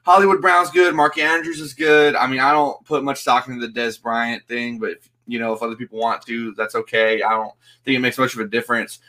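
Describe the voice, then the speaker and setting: Male co-host for a betting show, laid-back chat with easy laughs, bright tone. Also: mid-range voice, a little fast, hardly any pauses. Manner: relaxed, laughs easily, casual fillers. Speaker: sports betting podcast co-host. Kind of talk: casual sports betting chat.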